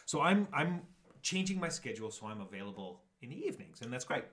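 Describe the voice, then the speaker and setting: Speaking quickly at medium pitch, this middle-aged man co-hosts a podcast and spins stories in relaxed conversation. He laughs a lot and performs the quotes with animation.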